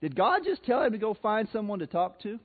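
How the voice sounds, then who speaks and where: A man with a Missouri accent preaching a sermon, swinging between loud emphasis and soft, slow passages. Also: sits high, sing-song. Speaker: pastor. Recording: tinny phone-like sound.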